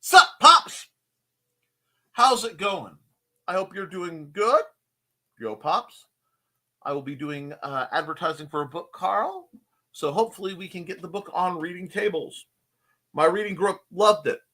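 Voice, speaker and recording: A man's voice: sits high, animated, normal speed, fairly bright tone. A man hosting a casual live stream from his home desk, rambling and joking and greeting people in the chat. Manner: rambling, jokey, greets chatters.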